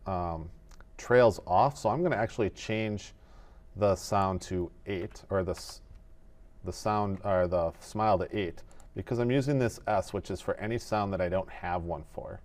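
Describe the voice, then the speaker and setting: Low-voiced man walking through a tutorial. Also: a little slow. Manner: methodical, step-by-step, relaxed. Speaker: animation tutor. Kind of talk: screen-recorded software tutorial.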